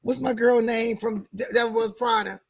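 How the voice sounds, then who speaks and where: A middle-aged woman co-hosting a casual chat, relaxed and laughing often. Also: a little high, moderate pace, gravelly, husky. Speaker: co-host.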